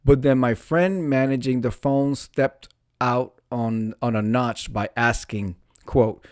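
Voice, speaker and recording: A man's voice: medium pitch, fairly even intonation, slow, a little mellow, clear, resonant tone, no echo, clean studio sound. A man casually reading out an online confession and commenting on it, often amused and laughing. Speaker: social media host reading confessions.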